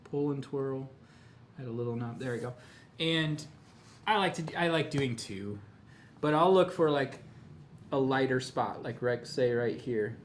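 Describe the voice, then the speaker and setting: A man hosting a live painting lesson, walking viewers through each brushstroke in an easygoing, talkative manner. His voice sits at an ordinary middle pitch. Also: measured pace, slight background noise. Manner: relaxed, chatty, step-by-step explaining. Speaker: painting instructor. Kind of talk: live tutorial demonstration.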